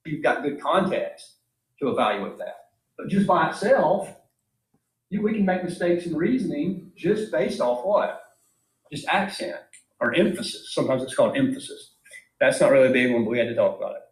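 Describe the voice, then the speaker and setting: A man's voice: on the high side, very animated, moderate pace. A man giving an informal philosophy lecture in an emphatic way, asking his class many rhetorical questions. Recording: echoey room.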